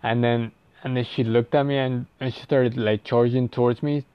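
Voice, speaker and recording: A man's voice: medium pitch, little pitch movement, moderate pace, clean tone, no room sound, highs cut off. A young man telling a story casually, rambling and profane, with lots of "like" fillers and restarts.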